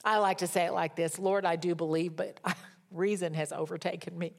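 A woman preaching a sermon and reading scripture dramatically, swinging from loud emphatic peaks down to hushed whispers. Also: fairly low pitch, fairly even intonation, normal speed, vocal fry.

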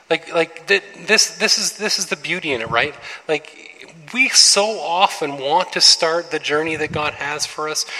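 A male pastor preaching a sermon, animated, full of rhetorical questions and quick restarts. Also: on the high side. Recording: long reverb of a large hall.

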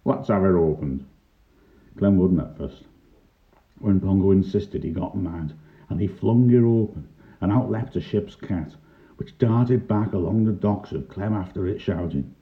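Older male storyteller, wry and dry, deep voice on a tinny phone-like recording. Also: unhurried. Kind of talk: reminiscing first-person story narration. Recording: tinny lo-fi narrow-band recording.

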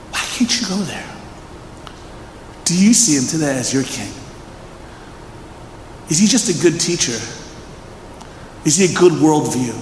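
A man preaching in a large church hall, his high voice swooping lively up and down as he chats and quizzes the crowd. Long reverb rings off the walls over a faint room hum. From Philadelphia, USA. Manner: animated, chatty, asks the audience questions. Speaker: pastor. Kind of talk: conversational sermon.

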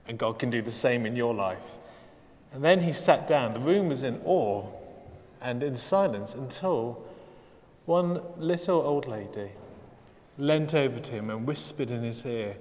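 Male preacher, sermon delivery, dry humour, emphatic build-ups, mid-pitched, long hall reverb. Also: lively intonation, normal speed, darkish tone. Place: church service.

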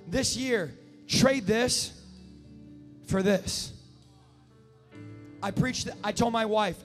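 High-voiced preacher shouting in a hall. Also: male voice. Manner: impassioned, rising to shouts. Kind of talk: sermon. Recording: echoey hall with faint music.

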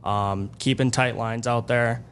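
A man being interviewed as a guest angler. He tells fishing stories in an excitable, animated way. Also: mid-range voice, unhurried, clean tone. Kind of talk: casual storytelling interview.

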